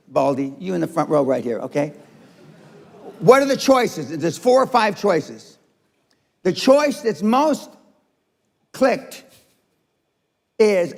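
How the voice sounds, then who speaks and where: Gravelly, blunt older man lecturing a room. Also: sits high, animated, slow pace, pauses often, in a large hall. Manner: blunt, profane and confrontational. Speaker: motivational speaker. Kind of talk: seminar speech to a live audience. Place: seminar room.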